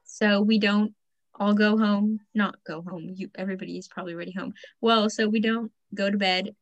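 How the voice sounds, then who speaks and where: A woman's voice: mid-range voice, steady tone, fairly quick, muffled recording. A teenage girl hosting a casual podcast, teasing and dryly skeptical of her co-host. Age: teens.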